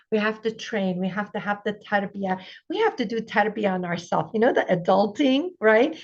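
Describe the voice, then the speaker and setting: A woman's voice: mid-range voice, muffled recording. A woman giving an earnest, encouraging parenting talk at a conference, often acting out the voices of the people she quotes. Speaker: parenting speaker.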